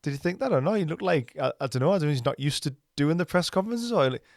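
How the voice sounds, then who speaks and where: A man's voice: on the high side, lively intonation, very fast, darkish tone, no echo, clean studio sound. A man co-hosting a football podcast, easygoing, chuckling often and ending points with tag questions. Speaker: podcast co-host. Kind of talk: casual football chat.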